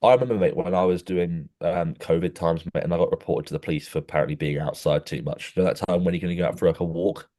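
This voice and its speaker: A young man chats loosely on a podcast, his voice sitting very low. He rambles through stories in a laddish way, dropping "mate" into nearly every sentence. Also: steady tone, fast talker, few pauses, dark tone. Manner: rambling, laddish storytelling, says "mate" constantly. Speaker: podcast co-host. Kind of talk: casual chat.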